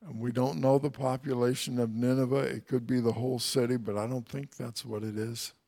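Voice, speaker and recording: A man's voice: medium pitch, little pitch movement, a little fast, creaky, mellow. A man teaching through a Bible passage in a conversational way, with wry, folksy asides.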